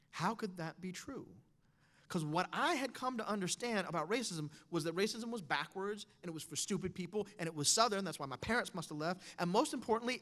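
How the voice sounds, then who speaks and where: Male speaker, thirties, wry and animated storyteller; long hall echo. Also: high voice. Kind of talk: storytelling talk on stage.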